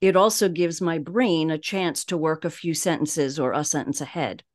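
A woman with a Long Island accent speaks in a fairly low voice as a voice coach on a podcast. She talks at a measured cadence and leans on deliberate pauses. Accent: Long Island New York. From Long Island, New York. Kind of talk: podcast interview.

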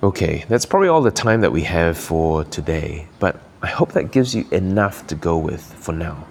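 A man's voice: deep voice, sing-song, moderate pace, creaky, darkish tone, a little hiss or hum. A man from Malaysia hosting a podcast, giving earnest, encouraging coaching talk while thinking aloud. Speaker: podcast host.

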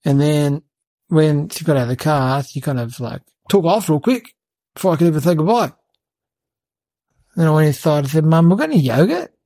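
A woman playing a cheeky, clueless little boy who tells a comic story in a rambling, deadpan way with childlike logic. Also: low-pitched, normal speed, no echo. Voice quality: creaky, husky. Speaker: podcast comic character narrator. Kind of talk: comic character monologue.

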